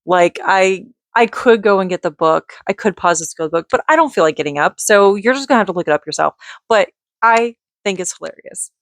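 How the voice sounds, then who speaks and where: A woman vlogging in a casual, rambling way, chatty and quick to giggle as she drifts off on tangents. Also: mid-range voice, expressive, no echo, clean studio sound. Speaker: vlogger and mother.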